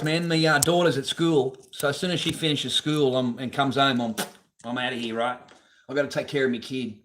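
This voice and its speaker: Casting: Australian man, middle-aged, livestream host, bright, sweary and chatty, phone mic. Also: mid-range voice, fairly even intonation, fairly quick. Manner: rambling, profane, laughing often. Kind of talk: casual livestream chat. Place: garage workshop. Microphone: phone on a holder.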